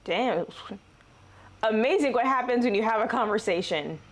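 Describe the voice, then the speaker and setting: A young woman hosting a casual reaction video, chatty and quick to laugh, with lots of fillers. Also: fairly high pitch, animated.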